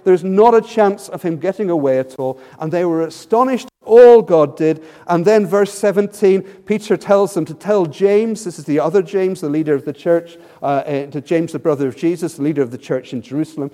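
A man preaching a sermon, animated and acting out quotes with rising emphasis. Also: high voice, moderate pace, few pauses. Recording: reverberant hall.

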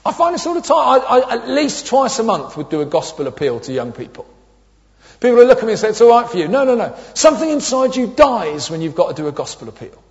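A man in his thirties preaches with a high, light voice, telling funny stories and voicing the people in them. The sound is dull and lo-fi, with a long echo of a church hall. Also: big pitch swings, fast. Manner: humorous storytelling with acted quotes. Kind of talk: sermon.

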